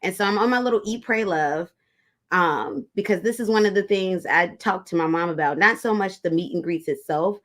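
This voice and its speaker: Chatty woman tarot reader, low voice. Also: a bit bright. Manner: chatty, talks straight to viewers as y'all, reads comments aloud. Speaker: tarot reader hosting a livestream. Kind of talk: casual livestream chat with viewers.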